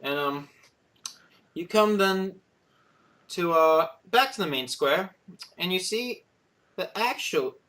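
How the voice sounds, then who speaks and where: Man, game master, tabletop game narration, halting with fillers, slightly high voice. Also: animated, bright, forceful tone.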